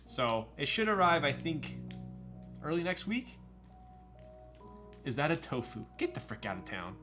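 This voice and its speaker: A man's voice: fairly high pitch, very animated, measured pace, over music. A young man casually chatting on a live stream while building a keyboard, joking around and reading viewer messages aloud. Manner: joking, reads chat aloud, teasing.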